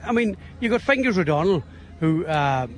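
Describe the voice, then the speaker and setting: A man's voice: high-pitched, very animated, normal speed. A man with a Donegal Irish accent chatting at an outdoor show, rambling from one anecdote to the next. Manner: rambling storyteller, chuckling. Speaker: interviewee, event organiser. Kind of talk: casual chat.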